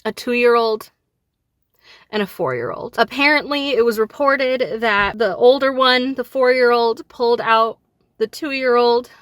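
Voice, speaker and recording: Bright-voiced woman fighting back tears. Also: a little high, a little slow, no room sound. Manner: grieving and enraged, voice rising and falling. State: on the verge of tears. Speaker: vlogger. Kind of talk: emotional direct-to-camera talk.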